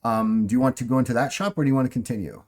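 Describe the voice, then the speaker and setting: A man's voice: mid-range voice, rapid-fire, darkish tone. A man narrating as game master, rambling with fillers and restarts as he sets scenes.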